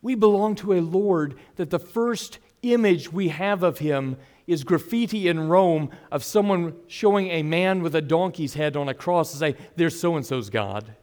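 A man preaching an expository sermon as pastor, earnest, moving between loud emphasis and hushed asides. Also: fairly high pitch, animated, unhurried, hardly any pauses.

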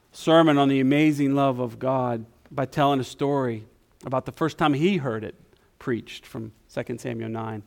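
A man preaching a sermon in a church, talking in a conversational, self-deprecating way and softening into quiet prayer. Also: mid-range voice, creaky. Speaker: guest preacher. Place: church sanctuary.

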